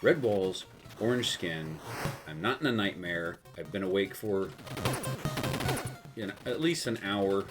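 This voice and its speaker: A man's voice: low voice, lively intonation, unhurried, long pauses, loud music behind the voice. A man from South Texas telling a rambling, self-mocking story while he plays a game, laughing often. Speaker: gaming video host. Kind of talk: storytelling over gameplay.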